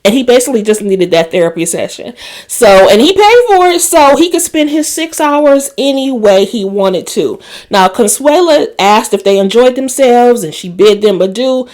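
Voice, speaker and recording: As host of a casual TV drama recap, a woman speaks at normal speed in a fairly high, very animated voice with a darkish tone. She gossips through the plot, laughs, addresses viewers in asides, and acts out lines.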